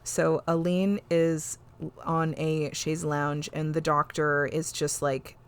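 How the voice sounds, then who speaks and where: Low-voiced woman in a casual podcast recap. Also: takes it slowly, smooth. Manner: swears freely, animated retelling with quoted lines. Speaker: podcast host. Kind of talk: casual chat recapping an episode.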